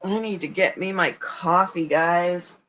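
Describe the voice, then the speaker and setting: A middle-aged woman chats on her livestream about her animals. She rambles easily with plenty of ums and takes her time over every sentence. Her voice sits a little low for a woman. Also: unhurried, a bit bright, rough recording. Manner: rambling, chatty, many ums. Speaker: livestream host and pet keeper. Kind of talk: casual livestream chat.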